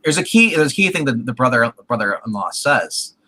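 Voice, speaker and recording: A man's voice: mid-range voice, sing-song, brisk, pushed and bright, rough recording. A man co-hosting a casual TV review chat, rambling with lots of fillers and restarts. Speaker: co-host reviewing a TV show.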